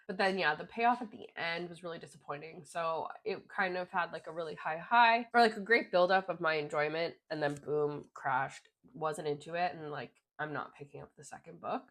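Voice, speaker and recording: A woman's voice: deep voice, moderate pace, few pauses, fairly bright tone. A young woman vlogger talking casually through her book rankings, rambling with lots of fillers. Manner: chatty, rambling with many "like" fillers. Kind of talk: casual book review chat.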